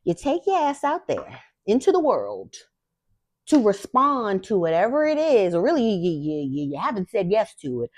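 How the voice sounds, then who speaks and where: A young woman talks straight to her viewers in a casual spiritual chat. She is blunt and emphatic, swears freely, and calls her audience y'all. Her voice sits at a middle pitch and sounds dry and close, with no room around it. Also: darkish tone, dry recording. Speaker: spiritual guide and host. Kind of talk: casual direct-to-camera talk.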